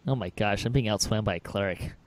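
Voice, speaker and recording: A man's voice: fairly low pitch, fast. A man co-hosting a gaming podcast, making dry, teasing remarks while playing. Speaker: podcast co-host and player. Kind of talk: casual gaming banter.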